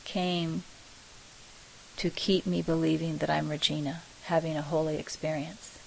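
A middle-aged woman giving a reflective spiritual talk, speaking slowly and softly with many pauses. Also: low voice, little pitch movement, vocal fry, slight background noise, low-quality recording. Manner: slow, soft, pausing and searching for words. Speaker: spiritual teacher.

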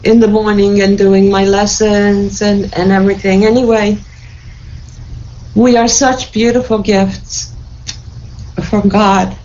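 A woman's voice: medium pitch, little pitch movement, slow, long pauses, a little mellow, dull audio, slight background noise. A woman sharing an emotional spiritual testimony in a group, fervent and tearful with joy, repeating her thanks and blessings.

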